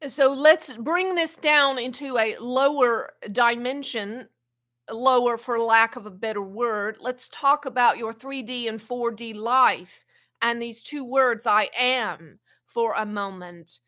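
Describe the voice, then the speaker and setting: A woman channeling an ancient wise spirit in a spiritual teaching talk, speaking slowly and haltingly and often repeating words. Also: on the high side, fairly bright tone. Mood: calm teaching. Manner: slow, halting, repeats words while searching.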